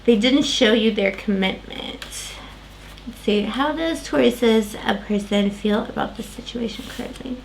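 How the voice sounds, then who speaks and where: Woman tarot reader, fraying voice, meandering delivery with restarts, a touch high-pitched, light background noise. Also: measured pace, vocal fry. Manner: rambling, full of fillers and restarts. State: losing her voice. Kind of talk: tarot reading to camera.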